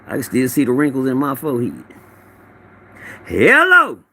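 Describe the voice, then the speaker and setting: Speaking fast in a mid-range, slightly mellow voice, a middle-aged livestream host greets viewers by name. He rambles casually into his phone, telling loose stories full of profanity.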